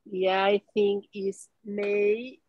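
A woman student on a video call, slowly and tentatively working through a class exercise. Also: mid-range voice, flat delivery, no room sound. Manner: very slow, tentative. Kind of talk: reading an exercise in online class. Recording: dull lo-fi call audio.

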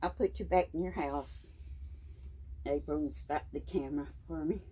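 A woman's voice: sits low, moderate pace, warm tone, slightly rough, low-quality recording. A woman keeping snakes, talking casually and affectionately to her pet snake, cooing and baby-talking to it. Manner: coos and baby-talks to the snake. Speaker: snake keeper.

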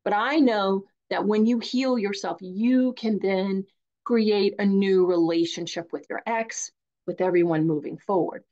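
A woman's voice: mid-range voice, measured pace, mellow, muffled recording. A middle-aged woman with a Southern accent, talking candidly as a coach in a live webinar, chatty and given to repeating words. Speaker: divorce coach.

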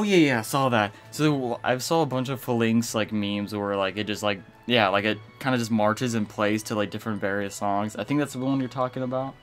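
A young adult man doing casual gaming commentary as a streamer, animated and rambling with many fillers. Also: fairly low pitch. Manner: animated, rambling, lots of fillers, reads game text aloud.

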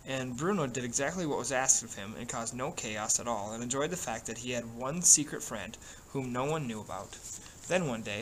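A man reading a novel aloud in a steady, even way, with small slips and restarts. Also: mid-range voice, slight background noise, low-quality recording. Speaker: reader.

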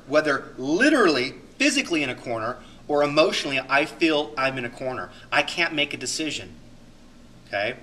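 Earnest male coach with a bright, lively voice. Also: mid-range voice, a little hiss or hum. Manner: earnest, conversational, walks listeners through handout pages. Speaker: coach teaching an anger class. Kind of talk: recorded teleseminar lesson.

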